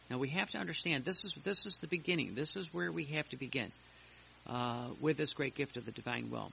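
Male preacher, earnest and halting, gravelly bright voice. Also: mid-range voice. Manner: earnest, halting, with many fillers and restarts. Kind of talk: sermon reading and explaining devotional texts. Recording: lo-fi with faint hiss.

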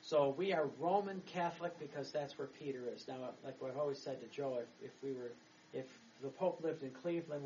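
A man's voice: mid-range voice, a little fast, a crowd in the background. A middle-aged man, a Catholic priest, giving a chatty homily that rambles, with laughs and restarts. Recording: distant mic, dull sound, faint background noise.

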